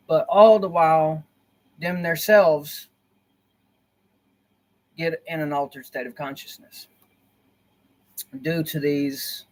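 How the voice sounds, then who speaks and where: A man talking casually on a livestream from a dim corner of his room, rambling and repeating himself in an earnest, conspiratorial way. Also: on the high side. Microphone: laptop built-in mic.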